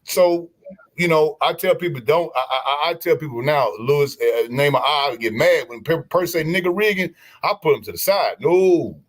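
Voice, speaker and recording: A man in casual stream chat, telling history stories in an animated, preachy way with many restarts. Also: fairly high pitch, brisk.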